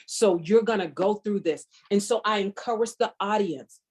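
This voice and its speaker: A woman's voice: medium pitch, moderate pace. Fervent woman sharing her testimony. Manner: fervent, preacherly, emphatic repetition. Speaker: guest speaker.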